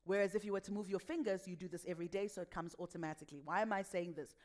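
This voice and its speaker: A young adult woman with a West African accent giving a lively workshop talk on voice and speaking, animated and laughing often. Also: fairly low pitch, rapid-fire. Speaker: voice and speaking coach.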